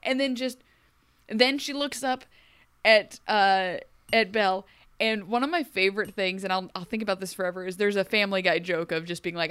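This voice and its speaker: A young woman co-hosting a podcast, recapping a TV show in casual chat and acting out characters in quick asides. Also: medium pitch, a bit bright, smooth, no room sound. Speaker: podcast co-host.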